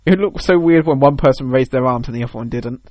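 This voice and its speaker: A man's voice: medium pitch, fast, darkish tone, no echo. A man co-hosting a casual chat about video games, rambling and joking and acting out little scenes. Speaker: podcast co-host.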